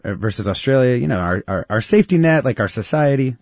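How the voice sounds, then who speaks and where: A man hosting a live radio interview, chatty and lively, with many fillers. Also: mid-range voice, a little fast, no room sound. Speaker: radio show host. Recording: dry, slightly muffled radio studio audio.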